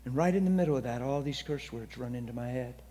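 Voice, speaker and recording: A man preaching a sermon in a church hall, telling stories in a voice that drops to hushed near-whispers and then rises to loud, excited bursts. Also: medium pitch, quick pace. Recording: long hall reverb.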